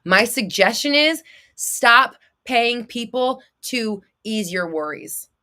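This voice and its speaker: A young woman hosting a casual livestream, reading viewer comments and coaching them in a blunt, excitable way, swearing freely and laughing often. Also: a little high, slow. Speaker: manifestation coach and livestream host.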